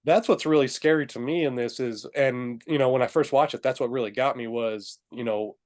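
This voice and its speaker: A man co-hosting a casual film review chat, laughing often and acting out movie lines in quick high voices. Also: a little mellow. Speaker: podcast co-host.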